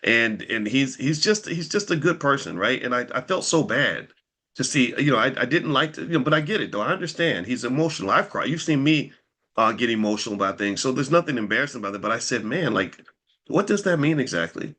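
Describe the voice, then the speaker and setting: Bright-voiced man firing rhetorical questions. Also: medium pitch, fast talker. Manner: animated and rhetorical, stacking pointed questions, repeating words as he restarts. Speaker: commentator. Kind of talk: unscripted commentary to viewers.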